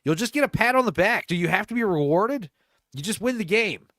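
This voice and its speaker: A man's voice: sits high, lively intonation, a little fast, a bit bright, no room sound, clean studio sound. A man co-hosting a podcast, chatting casually, swearing freely and slipping into mock voices. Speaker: podcast co-host. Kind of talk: casual chat.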